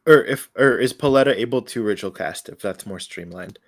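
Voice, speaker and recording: A man chatting casually as a player in a tabletop game, excitable and rambling, often correcting himself. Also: fairly low pitch, a little fast.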